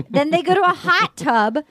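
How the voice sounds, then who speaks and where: A woman's voice: high-pitched, sing-song, measured pace, a bit bright, dry recording. A woman hosting a podcast, casually recapping a TV show with gushing exclamations. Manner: gushing, exclaiming, acts out quotes. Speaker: podcast host.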